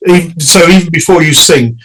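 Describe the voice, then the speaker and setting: A man's voice: on the high side, fairly bright tone, husky, poor audio. A middle-aged man, a singer guest in an interview, telling stories in a loose chatty way, laughing and slipping into quoted voices. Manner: chatty, laughing, restarts and quick quoted asides. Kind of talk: casual interview storytelling.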